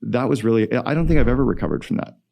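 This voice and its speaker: A middle-aged man, a guest entrepreneur, telling stories in an energetic, emphatic way in a podcast interview. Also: mid-range voice, very fast, creaky.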